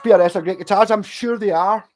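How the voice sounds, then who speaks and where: Hosting a livestream, this Scottish man talks fast and casually in a steady, slightly high voice, with faint music behind him. His rambling is full of restarted sentences and the occasional swear word.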